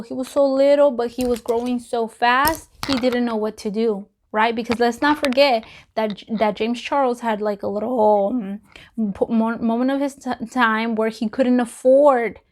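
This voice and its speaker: A woman vlogger giving casual opinion commentary, blunt and emphatic, repeating herself and swearing freely. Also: a little high. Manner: emphatic, repetitive, talks directly to the people discussed.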